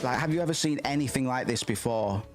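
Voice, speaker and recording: Man, livestream host, casual chat, swears a lot, rambling and excitable, mid-pitched voice, faint background music. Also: fast talker.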